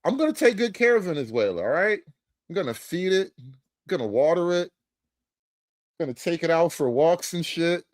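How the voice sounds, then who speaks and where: A man riffs crudely through a reaction show, laughing at his own jokes. His voice leaps from low mumbles to loud bursts. The sound is dry and close to the mic. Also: sing-song, normal speed, pauses often, no room sound. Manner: crude joking and laughing, pitch swinging from low mutters to loud. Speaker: show host reacting to a debate. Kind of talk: casual reaction commentary.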